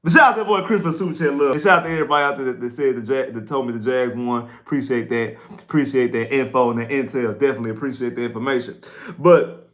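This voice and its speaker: A man hosting a casual postgame sports livestream, excitable and prone to repeating himself and stumbling over words. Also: mid-range voice, fast.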